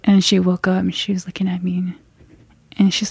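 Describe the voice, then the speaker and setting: A woman telling a frightening personal story in an earnest, halting way, often restarting her sentences. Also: lowish voice, monotone, gravelly, a little mellow, slightly rough, no room sound.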